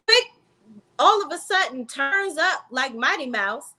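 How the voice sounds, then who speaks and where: A woman's voice: sits high, lively intonation, measured pace, sharp tone. A woman reviewing reality TV in a casual, blunt and profane commentary vlog, talking straight to her viewers. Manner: talks straight to the viewers as "sis" and "y'all".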